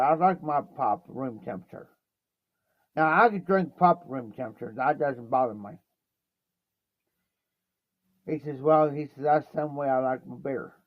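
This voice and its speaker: An Ohio man hosting a livestream tells a rambling, meandering anecdote, repeating "I said" and "he says" over and over. His voice is a little high, and the dry stream audio sounds dull and lo-fi.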